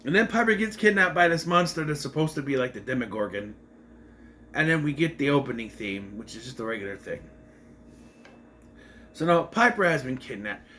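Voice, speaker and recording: A man's voice: mid-range voice, expressive, brisk, long pauses, sharp tone, slight background noise. A man casually recapping and reviewing a TV episode, rambling and correcting himself as he acts out the scenes.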